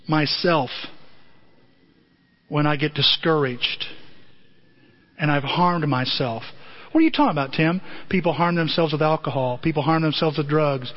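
Middle-aged preacher guy telling stories, high-ish voice, kinda dull lo-fi sound. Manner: animated storytelling, acts out voices in high falsetto. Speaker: pastor. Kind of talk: sermon with acted-out story. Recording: dull lo-fi sermon audio.

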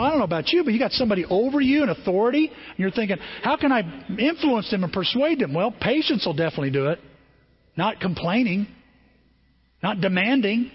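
Husky, animated man preaching a sermon. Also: high voice, muffled recording. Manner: storytelling, animated, repeats and restarts phrases. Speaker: pastor.

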